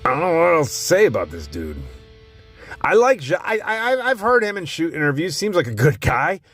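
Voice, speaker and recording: A man's voice: on the high side, huge pitch swings, moderate pace, a bit bright, faint music behind. A man hosting a tier-list video, talking casually and bluntly, rambling and cursing constantly as he ranks old wrestling gimmicks. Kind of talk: casual profane commentary.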